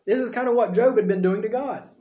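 A man with a high, mellow voice preaches in a relaxed, conversational way, acting out lines of dialogue as he goes. The sound is roomy and echoey, like a church hall. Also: fast talker. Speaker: pastor. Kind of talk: sermon.

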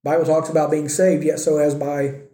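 A man's voice: on the high side, little pitch movement, normal speed, dark tone, roomy sound. A man preaching a sermon as pastor, acting out the words of quoted speakers in his own voice.

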